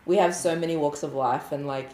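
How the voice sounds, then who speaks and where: Low-voiced woman, animated. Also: fairly quick. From Australia. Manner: animated storyteller, laughs often. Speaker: podcast co-host. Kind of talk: casual chat. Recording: echoey room, faint noise.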